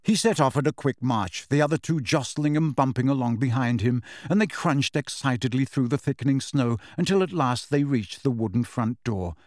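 A male audiobook narrator reads a storybook in scripted narration, his middle-pitched voice steady and unhurried, shifting slightly for each character. The recording is dry, close-miked, and free of echo.

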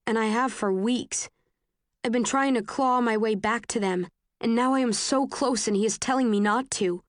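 A woman's voice: medium pitch, a little slow, no echo, studio quality. Woman reading a novel aloud. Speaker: audiobook narrator. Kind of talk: first-person novel narration.

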